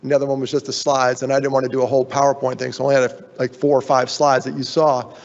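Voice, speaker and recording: A man's voice: mid-range voice, little pitch movement, fast, creaky, big-room sound, highs cut off. A man giving a candid, emotional keynote talk at a conference, often breaking off and restarting his sentences. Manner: candid, emotional, self-interrupting. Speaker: keynote speaker. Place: conference hall.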